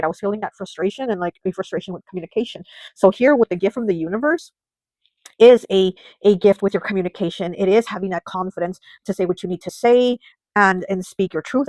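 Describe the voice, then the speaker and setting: A woman reading tarot for her viewers in a loose, chatty way. She talks at a middle pitch, full of fillers and restarts. The sound is dry and close, with no room around it. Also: darkish tone, dry recording, low-quality recording. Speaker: tarot reader. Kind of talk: casual tarot reading to camera.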